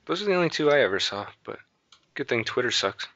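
A man's voice: medium pitch, expressive, quick pace, sharp tone, no echo, lo-fi sound. A man co-hosting a podcast in a casual, playful chat, joking often. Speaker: podcast co-host.

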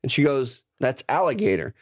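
A man co-hosting a podcast, swapping stories with an easy, swearing, laid-back manner. His voice sits at an ordinary middle pitch. It sounds dry and close, with no room echo. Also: very animated, moderate pace. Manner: swearing, storytelling banter. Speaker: podcast co-host. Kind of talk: casual chat.

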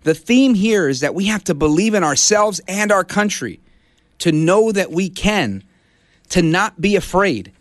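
A man's voice: high voice, animated, no echo. Emphatic talk radio host man, dry sound. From Brooklyn, USA. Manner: emphatic, preachy rallying delivery with drawn-out slow phrases. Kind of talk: political talk radio monologue.

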